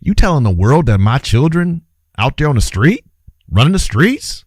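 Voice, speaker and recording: A man's voice: mid-range voice, big pitch swings, normal speed, husky, no room sound. A man hosting an impassioned opinion monologue, preachy and urgent, repeating his phrases for emphasis and calling his listeners brothers and sisters. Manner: urgent, exclaiming. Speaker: host and commentator.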